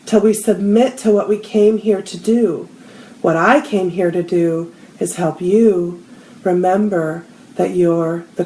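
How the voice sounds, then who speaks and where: A woman shares a personal spiritual story in a relaxed group conversation. She throws herself into the quoted lines. The room around her is echoey. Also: on the low side, slight background noise. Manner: animated storyteller acting out quotes. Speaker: spiritual healer and co-host. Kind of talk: storytelling in a casual group talk.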